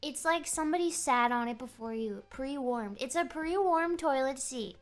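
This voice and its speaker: A young woman streaming, telling a rambling story in a giggly, animated way. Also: high voice, moderate pace, faint music behind. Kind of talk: casual chat. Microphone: streaming microphone.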